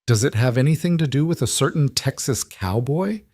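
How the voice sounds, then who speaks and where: Male narrator voicing a young frontier schoolteacher woman; gentle, knowing, a bit higher than his own voice. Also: lively intonation, normal speed, no echo, clean studio sound, close to an everyday voice. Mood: gently teasing. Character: warm young woman teacher, frank and caring friend.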